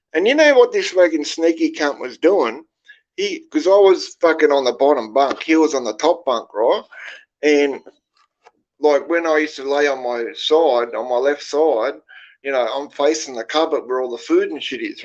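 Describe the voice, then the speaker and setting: A man's voice: a little high, lo-fi sound. An Australian man hosting a livestream, telling prison stories to his chat in a rambling, foul-mouthed way and constantly tagging his sentences with "right?". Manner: heavy swearing, rambling, keeps checking in with "right?". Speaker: livestream host. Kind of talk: casual storytelling to a live chat.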